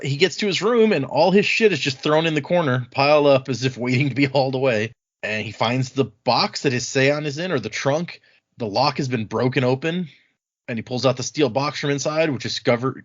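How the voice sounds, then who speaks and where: A man recapping book chapters in casual podcast chat, acting out the characters' lines as he goes. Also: medium pitch. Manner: animated retelling, acts out characters' lines. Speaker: podcast host retelling the chapters. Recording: slightly muffled lo-fi audio.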